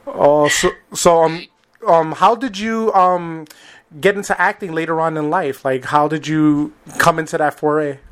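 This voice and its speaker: A man's voice: on the high side, fairly even intonation, measured pace, a bit bright, clear, resonant tone. An American man hosting a podcast interview, friendly and casual, often laughing and using filler words. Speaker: podcast host.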